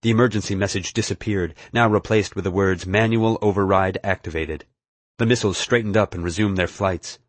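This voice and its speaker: A man's voice: fairly low pitch, steady tone, fast talker, few pauses, no echo. A man narrating an audiobook in the first person, telling the story expressively.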